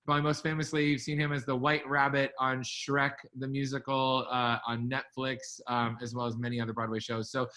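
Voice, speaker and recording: A man's voice: medium pitch, level tone, brisk, hardly any pauses, bright, forceful tone. A man moderating an online panel, introducing guests in an upbeat way with many fillers. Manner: upbeat, laughing, filler-heavy. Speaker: co-host, moderator. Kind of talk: casual introductions on a video panel.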